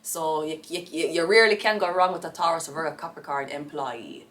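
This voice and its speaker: A woman's voice: low-pitched, fairly quick, recorded from a distance. A Jamaican woman giving a casual tarot reading, rambling and blunt, with profane outbursts. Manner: rambling, blunt and profane, with sudden loud rants. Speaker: tarot reader.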